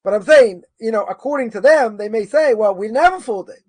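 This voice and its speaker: A man's voice: sits high, expressive, a little fast, a little mellow, no echo. A man teaching a religious law course, thinking aloud and arguing both sides of a question with many repetitions. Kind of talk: informal lecture answering a question.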